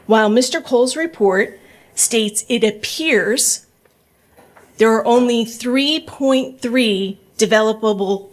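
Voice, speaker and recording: A middle-aged woman giving public comment at a borough council meeting, polite but urgent, mixing a prepared statement with off-the-cuff appeals. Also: fairly high pitch. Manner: earnest, polite, urging, reads prepared points then speaks off the cuff.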